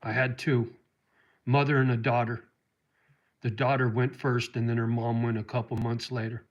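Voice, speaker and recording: A man's voice: medium pitch, little pitch movement, normal speed, muffled recording. A middle-aged man hosting a casual livestream, reading viewer comments aloud and answering them with heartfelt talk that gets choked up about dogs. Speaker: livestream host.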